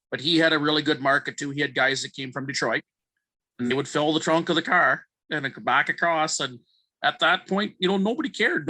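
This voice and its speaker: Male trapper from Ontario, bright tone, dry close sound, plainspoken. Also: mid-range voice, dry recording, poor audio. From Ontario, Canada. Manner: plainspoken, matter-of-fact. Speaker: trapper guest. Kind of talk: casual interview chat.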